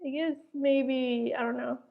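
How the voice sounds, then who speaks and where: High-voiced girl rambling on stream, lots of likes and i dunnos, tinny sound. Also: fairly even intonation, unhurried, gravelly. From New Jersey. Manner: rambling, hesitant, many "like" and "I don't know". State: slightly out of breath. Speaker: animation commentary channel host. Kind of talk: casual livestream chat. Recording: tinny phone-like audio.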